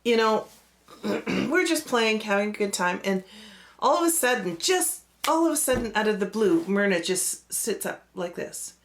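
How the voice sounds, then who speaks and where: Slow-talking woman pastor telling a story. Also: fairly high pitch. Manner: relaxed, lots of fillers, acts out quoted voices. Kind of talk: personal storytelling.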